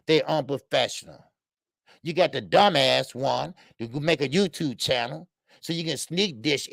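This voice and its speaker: Gravelly, dry-miked male livestream host; blunt, heated, profane delivery. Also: mid-range voice, fairly bright tone, dry recording.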